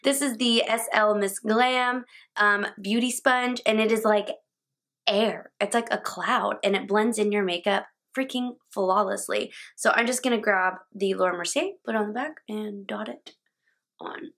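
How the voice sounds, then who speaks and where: A woman's voice: medium pitch, fairly even intonation, moderate pace, a bit bright. Chatty young woman talking through makeup. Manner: chatty, casual, laughs at own slips. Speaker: beauty vlogger. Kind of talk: makeup tutorial talk-through. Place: home, indoors.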